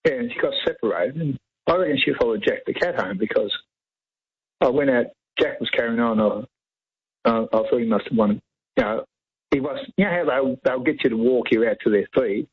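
Raspy Australian man calling in over a tinny phone line, rambles on. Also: mid-range voice, expressive, moderate pace. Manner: rambling, talks over the host. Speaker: caller. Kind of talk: phone-in radio chat. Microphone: telephone.

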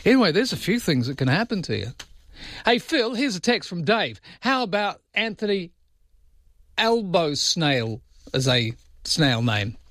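A man's voice: high voice, sing-song, measured pace, a bit bright, dry recording. Chatty male radio host, dry studio sound. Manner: chatty, asks listeners rhetorical questions. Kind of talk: casual radio chat.

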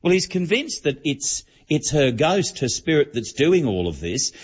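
A man's voice: fairly high pitch, sing-song, a little slow, husky. A man, telling celebrity gossip as an entertainment reporter on a radio show in a chatty, storytelling manner. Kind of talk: casual radio chat. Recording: dull lo-fi broadcast audio.

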